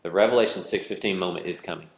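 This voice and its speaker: Man, pastor, sermon, lowish voice, roomy echo, reads scripture, presses hard. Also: very fast, vocal fry. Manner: preaching with rising intensity, reading scripture aloud.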